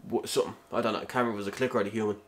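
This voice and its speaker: A man with a lowish, steady voice talks very fast as he plays a video game alongside his co-host. As a let's play co-host, he keeps the commentary laid-back and teasing.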